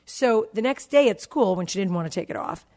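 In a casual podcast chat, a woman in her forties tells a story about her kids and acts out what they said. Her mid-range voice is animated, fairly quick and a bit dark in tone.

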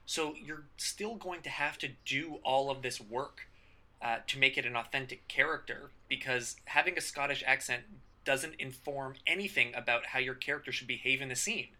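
A man with a very bright, forceful voice, chatting casually as a podcast co-host. He lays out improv advice patiently, like he is walking a beginner through it. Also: medium pitch, normal speed. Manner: explanatory, teaching improv tips. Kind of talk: casual chat.

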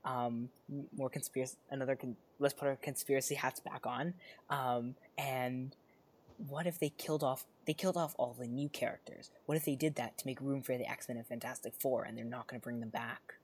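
Here is an excitable podcast co-host in a loose, casual chat. The speaker rambles, restarting sentences and stacking up fillers along the way. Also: medium pitch, fairly quick, slight background noise.

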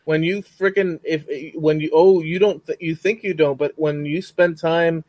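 A man's voice: fairly high pitch, steady tone, normal speed, darkish tone, dry recording. A man hosting a podcast in casual chat, rambling and often saying frickin'. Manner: rambling, says frickin' a lot. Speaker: podcast host.

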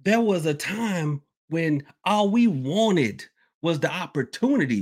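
A man's voice: fairly high pitch, lively intonation, measured pace. A man hosting a casual podcast, rambling, repeating himself and calling his listeners y'all. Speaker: podcast host and hoodoo worker. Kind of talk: casual open-topic podcast talk.

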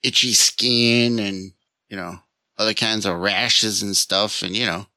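Bright, dry-sounding man in easy movie chat. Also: on the low side, steady tone, a little slow, no room sound. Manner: easygoing, agreeable, casual swearing. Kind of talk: casual movie review chat.

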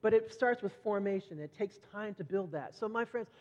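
A middle-aged man preaching a sermon conversationally, repeating words as he goes and brightening when he acts out quoted voices. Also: high-pitched, moderate pace. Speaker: pastor. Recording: dull lo-fi sound with long hall reverb.

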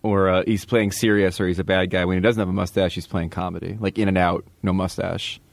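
A man's voice: sits low, level tone, fairly quick, vocal fry, dry recording. A man co-hosting a casual chat podcast, teasing his partner and arguing his points. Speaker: podcast co-host.

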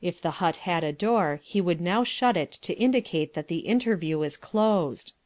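A woman reads stage directions in an even, matter-of-fact way. Her voice is on the low side. The sound is dry and close. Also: normal speed, dry recording. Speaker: narrator reading stage directions. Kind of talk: plain audiobook reading.

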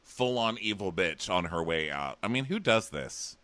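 Man, podcast co-host, snarky gossip, bright tone, lively pitch. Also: normal speed, dry recording. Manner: snarky, gossipy, crude jokes, acts out quotes. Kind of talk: casual chat recapping a reality dating show.

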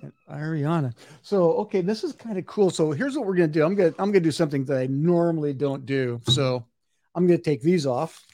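A man in his forties with a high voice runs a live hypnosis demonstration. He repeats his suggestions over and over, at times firm and loud, at times dropping to a near hush. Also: brisk. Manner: repetitive, insistent suggestions, shifting between loud and hushed. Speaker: stage hypnotist.

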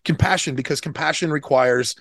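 A man's voice: fairly high pitch, brisk, gravelly, a bit bright, no room sound, studio quality. A man hosting an interview, asking questions and often hunting for words. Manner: searching for words, many restarts. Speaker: podcast host. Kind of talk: casual interview conversation.

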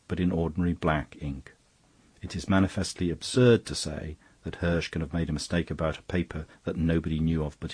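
Man voicing a hearty blunt friend, gloomy and protesting, deep voice, husky. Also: darkish tone, no room sound. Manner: gloomy, then exclaiming in protest.

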